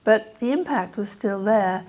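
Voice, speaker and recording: An older woman delivering an academic lecture. She speaks in a measured, thoughtful way, with a middle-pitched voice and the odd filler as she moves through her points. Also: a little mellow, rough recording. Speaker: guest speaker. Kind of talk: lecture talk.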